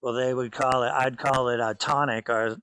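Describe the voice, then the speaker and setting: Slight background noise and a rough recording frame this fifties-aged former racer and team owner from south of Boston, who has a Boston accent. His mid-range voice is pushed and bright, fairly even in intonation, at a moderate pace, as he bluntly spins stories in a casual interview and imitates voices.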